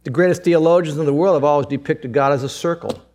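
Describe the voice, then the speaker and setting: Emphatic male preacher, rising passion. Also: fast talker. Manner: emphatic preaching with repeated phrases, rising to high excited peaks. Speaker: pastor. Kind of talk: sermon.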